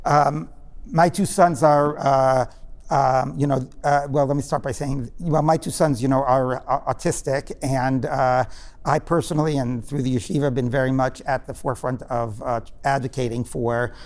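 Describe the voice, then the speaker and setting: A man's voice: medium pitch, steady tone, normal speed, darkish tone. A man teaching a text-study class, quizzing his students in a conversational way and drifting into digressions. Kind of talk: interactive text-study lecture. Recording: reverberant lecture hall.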